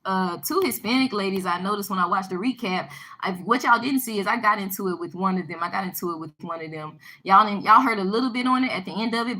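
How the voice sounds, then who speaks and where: A woman telling a personal story to her viewers in a casual vlog, animated and emphatic, often repeating herself. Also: mid-range voice, low-quality recording. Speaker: vlogger addressing her viewers.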